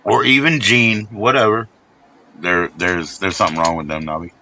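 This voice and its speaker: Low, bright-voiced rambling male streamer. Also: fairly even intonation, moderate pace, slight background noise, poor audio. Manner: rambling, talks back to chat, trails into mumbles. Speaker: live streamer. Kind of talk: rambling casual stream chat.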